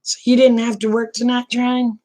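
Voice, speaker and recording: Casting: middle-aged woman, Oklahoma accent, relaxed folksy stream host, flat delivery, slightly rough throat. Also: a little high, moderate pace. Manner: relaxed, folksy, talks to viewers by name. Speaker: livestream host chatting with viewers. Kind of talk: casual late-night chat.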